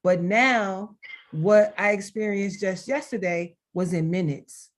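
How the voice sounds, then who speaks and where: Middle-aged woman on a video call, storytelling from the heart, expressive, mid-pitched voice. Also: takes it slowly. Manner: expressive, laughs while telling stories.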